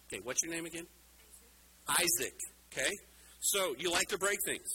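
A man's voice: fairly high pitch, noisy background. A man giving a playful children's sermon in a church, talking straight to the kids and teasing a young helper. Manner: playful, animated, talks directly to kids in the room. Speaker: pastor. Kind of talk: children's sermon with a hands-on demonstration.

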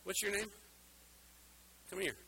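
A man's voice: high-pitched, unhurried, gravelly, a little hiss or hum, rough recording. A man giving a playful children's sermon in a church, talking straight to the kids and teasing a young helper. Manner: playful, animated, talks directly to kids in the room. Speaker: pastor. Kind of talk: children's sermon with a hands-on demonstration.

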